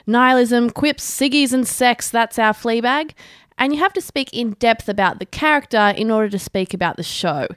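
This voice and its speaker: A woman reads a prepared review on a podcast, sounding dry and sardonic and swearing freely. Her voice is smooth and clear. The recording is close and dead, with no room sound. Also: a little high, dry recording. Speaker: podcast co-host. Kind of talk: prepared review read aloud.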